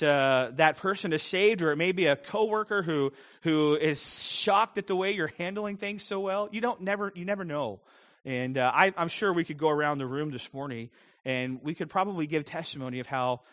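A man's voice: high-pitched, a bit bright. A middle-aged man preaching a sermon in a conversational way, with self-deprecating humor. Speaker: pastor.

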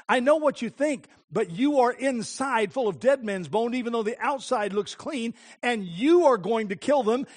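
A man preaching a sermon as pastor, impassioned, moving from hushed tones to crying out. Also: very high voice.

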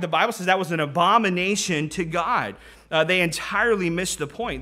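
Middle-aged guy giving a sermon, bright forceful voice, kinda conversational, lots of restarts. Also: a little high. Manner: conversational preaching with frequent restarts and scripture readings. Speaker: preacher.

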